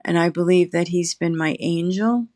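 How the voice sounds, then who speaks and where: A middle-aged woman, a guest in recovery, telling her personal story slowly and reflectively, pausing often. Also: lowish voice, darkish tone, no room sound, studio quality. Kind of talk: emotional personal testimony. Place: her apartment.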